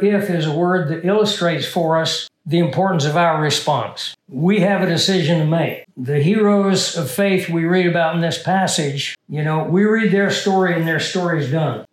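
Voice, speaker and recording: A man's voice: a little high, roomy sound, rough recording. A man preaching a teaching sermon, stressing key words and putting questions to the congregation. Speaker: pastor.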